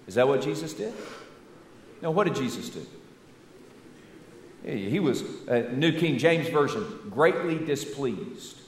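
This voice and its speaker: A Southern American pastor preaching a folksy, animated sermon full of rhetorical questions. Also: male voice, mid-range voice, unhurried, pauses often, a little hiss or hum. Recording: echoey church hall.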